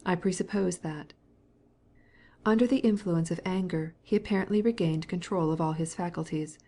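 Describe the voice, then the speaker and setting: Mellow, low-voiced woman narrating a novel. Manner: calm, measured reading. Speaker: audiobook narrator. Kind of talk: audiobook narration.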